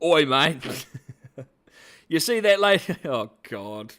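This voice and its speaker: Brash Australian sheriff, boastful, loud, slangy, swaggering, done by a man. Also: on the high side, big pitch swings, slow, smooth, voice pushed up, exaggerated voice. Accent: put-on Australian.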